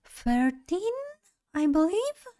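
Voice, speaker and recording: A woman's voice: sits high, sing-song, dark tone. Young woman, streamer, casual chat, rambling, self-deprecating. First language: Polish. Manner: rambling, chatty, self-deprecating, quick to laugh.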